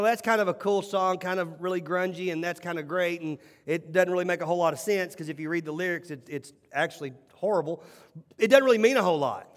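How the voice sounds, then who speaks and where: A man with a high voice preaches a sermon, telling stories with animated emphasis and circling back on his key phrases. His words ring out with a long hall reverb, as if in a church sanctuary. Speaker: pastor.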